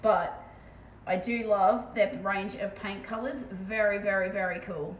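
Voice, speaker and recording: An Australian woman rattles along at high speed in relaxed live-stream chatter, with a casual swear now and then. Her voice sits at an ordinary middle pitch. The room around her is echoey, with a faint background hiss. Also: unhurried, lo-fi sound. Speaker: live streamer and terrain painter.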